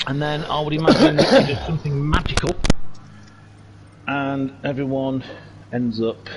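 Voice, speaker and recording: A man's voice: mid-range voice, moderate pace, noisy background. A man giving casual, jokey commentary on a racing game, with rambling, self-mocking asides. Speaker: race commentator. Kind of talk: casual race commentary over game footage.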